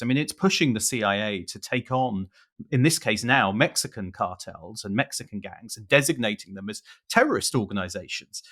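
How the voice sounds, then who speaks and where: A British man co-hosting a conversational podcast, his pitch sitting in an ordinary middle range but moving a lot as he speaks. He leans hard on key words and sometimes draws them out for emphasis. The delivery is animated, with plenty of rise and fall from phrase to phrase. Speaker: podcast co-host.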